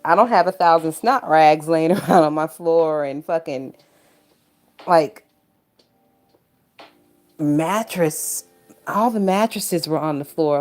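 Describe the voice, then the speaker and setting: Speaking slowly with long pauses, a young YouTube commentary host reads chat comments in a low, darkish voice. She swears, laughs a lot and sounds exasperated during this casual reaction stream, recorded on a phone.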